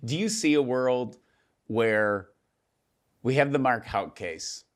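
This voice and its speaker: A man hosting a podcast, telling stories in a casual, animated way and laughing often. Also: mid-range voice, slow pace. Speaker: podcast host. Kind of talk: casual conversation.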